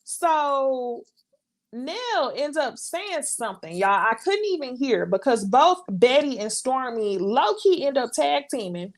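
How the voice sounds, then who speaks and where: A woman's voice: high-pitched, very animated, slow. Chatty woman venting to her viewers. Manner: chatty, exasperated, addresses viewers as y'all; breaks into laughter and brief mimicry of others. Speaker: reality TV recap host. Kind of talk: casual live commentary.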